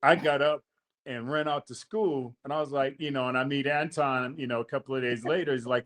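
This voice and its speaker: A man's voice: mid-range voice, steady tone, brisk, a bit bright. A man hosting a podcast, casually telling a long story in slangy talk, acting out the quotes. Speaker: podcast host.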